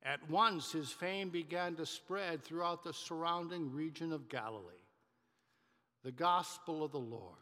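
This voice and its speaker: A male pastor preaching a sermon in a church, telling a story in a measured manner with some restarts. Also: a little high, bright, forceful tone. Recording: reverberant church hall.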